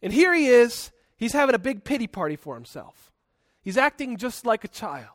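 A man preaching a sermon in an emphatic, conversational way, with big swings in loudness. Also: very high voice, sing-song, moderate pace, no echo, studio quality. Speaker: pastor.

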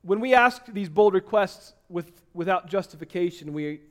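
A man preaching a sermon, dropping to hushed tones and then rising to loud, emphatic exhortation. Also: high voice, lively intonation, normal speed. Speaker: pastor.

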